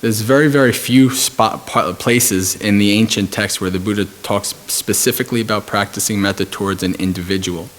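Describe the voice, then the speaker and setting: A man who is a Buddhist monk giving a dharma talk at a retreat. He talks in a calm, measured way and tells stories with frequent pauses and fillers. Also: lowish voice, a little hiss or hum.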